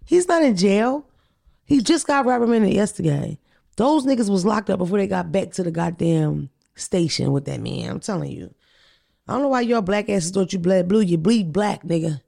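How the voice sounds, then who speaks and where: A woman's voice: medium pitch, expressive, normal speed, vocal fry, a little mellow. A woman from Philadelphia hosting a podcast in casual chat, blunt, profane and heated. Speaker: podcast host.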